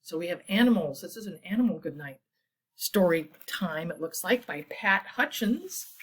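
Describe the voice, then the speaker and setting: Husky, animated woman reading bedtime stories. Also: fairly low pitch, moderate pace. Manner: interactive, invites listeners to make animal sounds; gentle, calming bedtime delivery. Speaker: children's librarian. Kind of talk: children's story time read-aloud.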